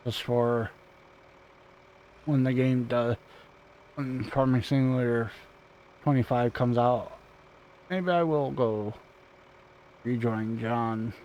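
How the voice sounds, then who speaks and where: A gaming channel host talks casually over a farming game, his mid-range voice slow and full of pauses as he rambles, jokes at his own expense, and swears now and then. He records on a desk microphone at home, and the audio has its highs cut off with a little hiss or hum.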